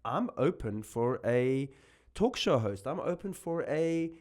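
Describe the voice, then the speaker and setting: A man from South Africa with a South African accent, a guest comedian in casual podcast chat, animated and laughing, with many restarts. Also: mid-range voice, slow.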